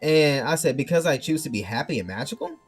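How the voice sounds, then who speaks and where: A man's voice: fairly high pitch, lively intonation, fast, slightly rough. A man ranting casually to his viewers, reading chat messages aloud and arguing back, his mic turned backwards. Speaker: streamer.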